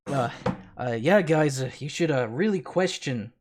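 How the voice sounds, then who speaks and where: A man's voice: mid-range voice, lively intonation, unhurried, a little hiss or hum. A man streaming casual reaction commentary, sarcastic, often laughing and stammering on repeated words.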